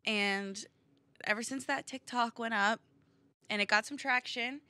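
A woman's voice: on the high side, a little slow, pushed and bright, no room sound. A young woman co-hosting a podcast, chatting casually and reading out listener comments. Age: young adult. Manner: chatty, reads out comments aloud. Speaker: podcast co-host. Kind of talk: casual chat.

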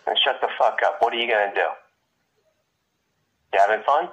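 A mocking man heard down a tinny phone line, dull and lo-fi. He talks over the caller with scorn and repeated interruptions, at a middling pitch. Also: a little fast, sharp tone. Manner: hostile, mocking, cuts in with repeated "what". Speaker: prank call target. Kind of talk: phone call.

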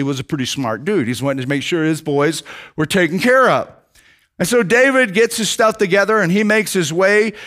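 A man preaching a sermon, retelling a story with lively acted-out quotes, casual fillers. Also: sits high.

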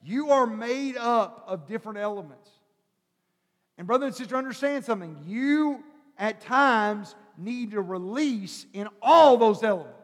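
A male pastor preaching a sermon, shifting from quiet teaching to loud shouted preaching and calling the listeners brother and sister. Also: very high-pitched, lively intonation, a little slow. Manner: calls the congregation brother and sister. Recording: long hall reverb.

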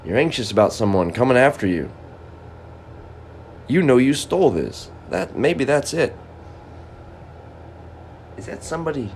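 Lively low-voiced man rambling aloud. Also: slight background noise. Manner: stop-start, musing aloud, scolds an object then drifts off. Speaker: amateur comedian. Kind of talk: rambling improvised monologue.

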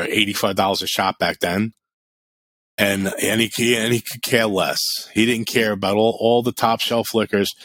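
A middle-aged podcast co-host with a low-side voice, recorded with no room sound, chats casually on the show. He's an animated storyteller, spinning blunt, profane tales with plenty of energy.

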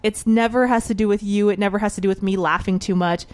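A woman hosting a podcast interview, chatty and quick to laugh. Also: medium pitch, fairly even intonation, no echo. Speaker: podcast host. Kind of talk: casual interview chat.

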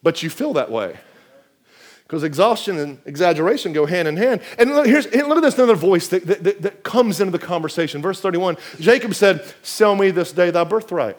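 A man preaches a sermon in a church. His voice sits high and moves in big, lively jumps. He repeats phrases, pushes hard on some lines and drops low on others. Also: brisk. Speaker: pastor.

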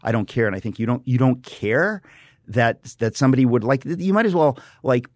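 Here a middle-aged guest author and radio host talks in a studio with no room sound, his mid-range voice sing-song at a moderate pace. The conversation is impassioned; he is fervent and emphatic and keeps repeating and restarting phrases.

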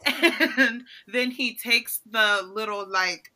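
A woman's voice: fairly high pitch, slow, few pauses, bright, forceful tone, rough recording. A woman chatting casually on a podcast, recapping a horror film, laughing often and acting out the characters' lines. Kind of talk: casual movie recap chat.

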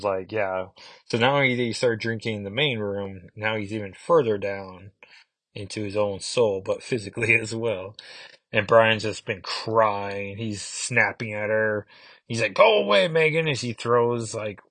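Chatty low-voiced man reviewing comics. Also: a bit bright, no echo. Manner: rambling, chatty, lots of fillers. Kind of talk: casual review talk.

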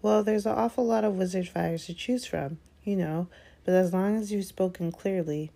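A woman's voice: medium pitch, normal speed, gravelly, dark tone. A woman voicing a fussing, anxious middle-aged witch and mother, in a read-aloud story. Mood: fretful.

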